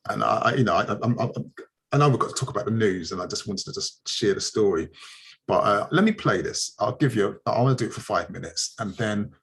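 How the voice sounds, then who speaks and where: A man's voice: lowish voice, expressive, fairly quick, creaky, a bit bright. A man hosting a community news livestream, chatting casually and telling stories with plenty of fillers and restarts. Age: adult, married.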